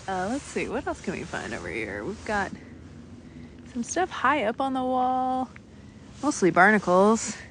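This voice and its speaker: A woman giving live-streamed commentary on a night beach walk, bubbly and excitable as she points out sea creatures outdoors. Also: mid-range voice, normal speed, a little hiss or hum. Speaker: naturalist guide on a live stream.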